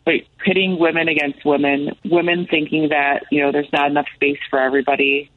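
A woman's voice: deep voice, level tone, fairly quick, no echo, narrow, tinny audio. A woman guest on a talk show, speaking emphatically and repeating lines for rhythm. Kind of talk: impassioned talk show discussion.

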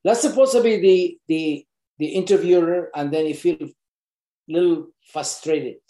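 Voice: mid-range voice, moderate pace, mellow. An earnest presenter giving casual, unscripted job-interview advice, repeating key points for emphasis. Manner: loose, unscripted phrasing with frequent restarts. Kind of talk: casual advice talk to camera. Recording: roomy echo.

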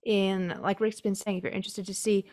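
A woman's voice: mid-range voice, little pitch movement, a little fast, a little mellow. A woman hosting an interview podcast. She sums up her guest's points for listeners in a casual, conversational way. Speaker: podcast host.

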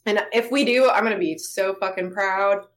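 A woman's voice: medium pitch, normal speed. A woman co-hosting a casual podcast chat, plain-spoken, with easy laughs. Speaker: podcast co-host.

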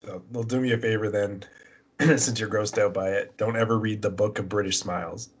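A man's voice: on the low side, fairly even intonation, brisk, slightly rough. A young man telling crude stories in casual chat as a podcast co-host, laughing often.

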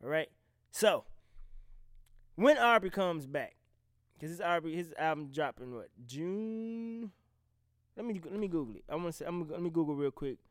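A fairly high-voiced man from the South rants in loose, profane commentary, cutting himself off and starting over. His voice comes through smooth and clear. The sound is close and dry, with no room echo. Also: moderate pace, pauses often. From American South. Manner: blunt, profane, animated, trails off and restarts. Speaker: vlogger reacting to rap beef. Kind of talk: casual unscripted commentary.

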